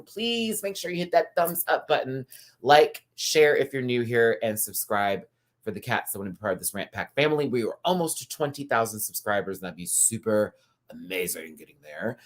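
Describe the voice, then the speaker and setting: A man hosting a casual live review stream, campy and animated, chatting asides to his viewers. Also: mid-range voice. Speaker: YouTube host reviewing a TV show.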